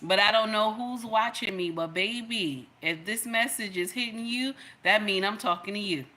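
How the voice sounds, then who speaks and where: Bright-voiced preachy woman livestreamer. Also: medium pitch, moderate pace. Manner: emphatic, sermon-like, addresses viewers directly. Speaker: livestream host giving relationship advice.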